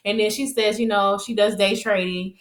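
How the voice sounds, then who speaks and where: A woman casually recapping a TV episode, chatty and rambling, with frequent laughs and animated retelling. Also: mid-range voice, normal speed, reverberant.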